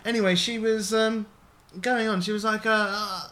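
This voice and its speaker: A man's voice: high-pitched, steady tone, moderate pace, hardly any pauses, sharp tone. A man hosting a radio show, chatting in a rambling way with restarts and the odd swear word. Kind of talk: casual radio chat.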